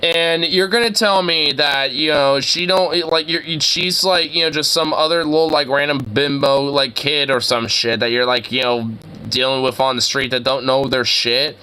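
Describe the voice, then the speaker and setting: A man's voice: mid-range voice, fairly even intonation, moderate pace, few pauses, pushed and bright, clear, resonant tone. A man co-hosting a casual reaction show, rambling and exasperated with lots of filler words. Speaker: co-host reacting to a video. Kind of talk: casual profane reaction commentary.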